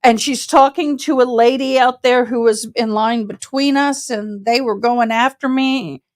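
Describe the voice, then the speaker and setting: Brief: woman, slightly high voice, animated casual storyteller with a colloquial delivery who mimics others. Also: measured pace. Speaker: service dog handler.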